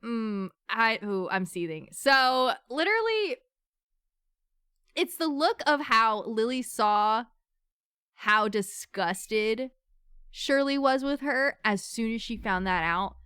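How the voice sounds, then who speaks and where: A woman's voice: a little high, slow, clean tone, no room sound, studio quality. A young woman co-hosting a casual book club livestream, talking with emotion and venting about a novel. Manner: emotional, animated, swings between venting and seething.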